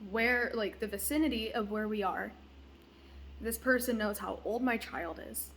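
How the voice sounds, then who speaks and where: A woman's voice: medium pitch, slight background noise. A young woman and mother telling a story casually, rambling with fillers and swearing. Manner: rambling, profane, uses many fillers. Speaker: parent.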